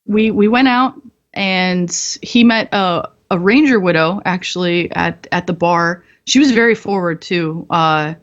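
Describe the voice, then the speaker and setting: A woman's voice: fairly low pitch, unhurried, muffled recording. A woman guest on a podcast, telling stories in a candid, profane way and laughing often. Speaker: podcast guest, military veteran. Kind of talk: casual storytelling.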